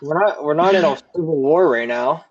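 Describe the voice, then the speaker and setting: A man's voice: on the high side, a little fast. Laid-back man on a dull mic. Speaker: podcast co-host. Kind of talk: casual chat.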